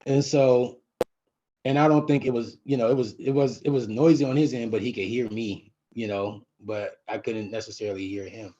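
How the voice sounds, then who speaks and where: A middle-aged man, a vlogger, telling a personal story in a halting way, with many restarts and fillers. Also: medium pitch, fairly even intonation, dark tone, lo-fi sound. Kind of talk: personal vlog, emotional recollection.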